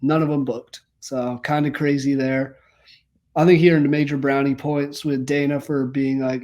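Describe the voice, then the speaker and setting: A man's voice: mid-range voice, little pitch movement, moderate pace, a little mellow, muffled recording. Young male co-host, easygoing chat delivery, mid-range voice. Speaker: co-host of an MMA podcast. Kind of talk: casual podcast chat.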